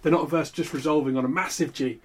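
A young man in casual comedic chat, telling rambling animated stories as co-host. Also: on the high side, very fast, husky. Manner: rambling, animated storytelling with put-on voices. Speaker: podcast co-host.

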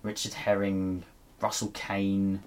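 A man who is a musical comedian, chatting as a podcast guest in a halting way, with many restarts. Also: deep voice, completely flat delivery. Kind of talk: casual podcast chat.

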